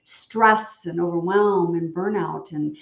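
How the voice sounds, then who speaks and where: A woman hosting an interview over a video call, talking in an animated, rambling, frank way with jokes. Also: lowish voice, takes it slowly, creaky, reverberant, lo-fi sound. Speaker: podcast host. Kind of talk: casual interview chat.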